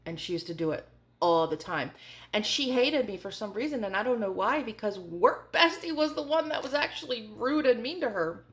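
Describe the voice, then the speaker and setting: A woman's voice: fairly high pitch, animated, normal speed, fairly bright tone. A woman in her forties telling a candid storytime vlog in a chatty way, full of fillers. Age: 40s. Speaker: vlogger.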